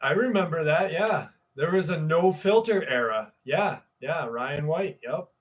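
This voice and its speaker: A man's voice: fairly high pitch, animated, measured pace, recorded from a distance. A man hosting a live stream, rambling casually, swearing freely and greeting viewers in the chat. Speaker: livestream host.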